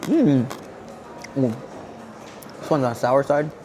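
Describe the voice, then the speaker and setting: A man's voice: mid-range voice, big pitch swings, slow, over music. A man vlogging a casual food review at a hotel buffet, chatting as he tastes and humming contentedly between bites. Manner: chatty, savoring each bite with contented hums. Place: indoor hotel buffet restaurant. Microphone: camera-mounted shotgun mic.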